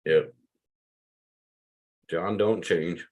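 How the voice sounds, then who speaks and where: A man's voice: low-pitched, moderate pace, breathy edge. A man in his fifties from Pennsylvania, hosting a loose livestream chat, rambling and swearing freely. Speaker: livestream host.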